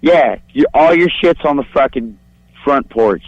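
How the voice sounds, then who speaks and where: A man's voice: medium pitch, expressive, measured pace, dry recording. A man phones in to a talk show and tells a long crude story. He rambles and boasts. The line is dull and lo-fi, with no room sound at all. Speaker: caller. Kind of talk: profane call-in storytelling.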